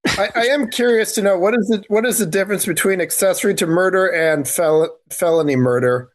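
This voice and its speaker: A man's voice: high-pitched, brisk. A man on a film podcast talking casually, asking curious questions and restarting with "I mean.".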